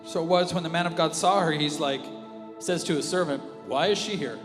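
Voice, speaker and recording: A male pastor preaching an animated sermon, dropping to a hush and then rising loud again. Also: fairly high pitch, normal speed. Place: church auditorium with reverb. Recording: live church audio with long reverb and music underneath. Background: worship music.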